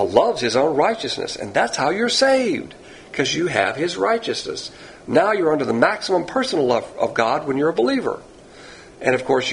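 A man's voice: medium pitch, gravelly, a little hiss or hum, poor audio. A man giving a recorded Bible teaching, emphatic, stretching key words and correcting himself as he goes. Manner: emphatic, self-correcting, drawn-out stresses.

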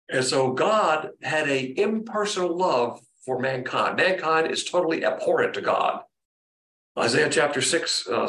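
A man preaching a sermon in an emphatic, teacherly way, often speeding up and slowing down. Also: fairly high pitch, a bit bright, echoey room, far from the mic. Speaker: pastor.

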